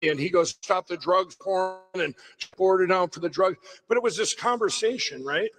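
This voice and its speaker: Rambling high-voiced man telling a story. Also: moderate pace, fairly bright tone, faint music behind, rough recording. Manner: rambling, self-interrupting storyteller. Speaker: guest speaker at a summit. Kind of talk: storytelling talk on stage.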